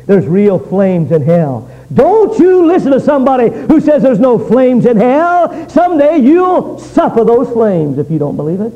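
A high-voiced man preaches a fiery revival sermon, pleading loudly and then dropping to low, intense warnings. His tone is mellow and dark-edged, and the muffled lo-fi recording dulls the sound. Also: very animated, moderate pace, hardly any pauses. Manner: impassioned, swings between loud pleading and low intensity.

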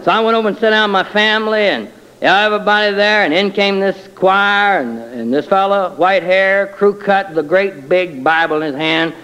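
A man's voice: high-pitched, moderate pace, bright, forceful tone, smooth, rough recording. Folksy man telling his testimony. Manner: colloquial and self-deprecating, with wry humor. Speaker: speaker giving a personal testimony.

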